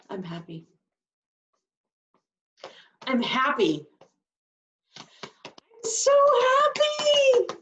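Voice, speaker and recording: A woman teaching a sign language class, explaining signs and acting out emotions with her voice. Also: sits high. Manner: demonstrative, acts out emotions with her voice. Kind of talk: live class instruction. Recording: distant mic, dull lo-fi sound.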